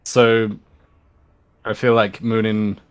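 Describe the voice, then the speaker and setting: A man's voice: lowish voice, flat delivery, slow, smooth. A man playing a tabletop role-playing game, thinking aloud hesitantly with many fillers. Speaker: player.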